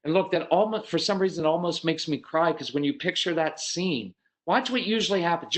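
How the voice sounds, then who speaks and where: A man giving a folksy, earnest parenting seminar, speaking directly to dads and acting out quoted parents with sudden leaps in pitch. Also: lively intonation, a little fast, a bit bright.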